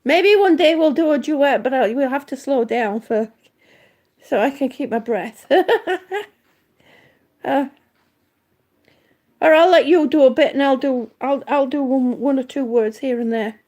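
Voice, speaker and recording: A high-pitched woman, out of breath, chatting slowly and easily to viewers on her livestream. She talks in unhurried, looping sentences, trailing off and starting over as she reads their comments and greets them one by one. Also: a little mellow. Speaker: livestream vlogger. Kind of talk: casual livestream chat reading comments.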